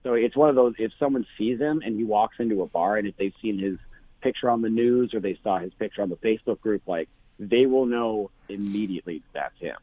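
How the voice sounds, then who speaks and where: A bar owner talking casually on the phone, full of fillers and restarts. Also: male voice, fairly low pitch, brisk. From Canada. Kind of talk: phone interview. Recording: tinny phone line.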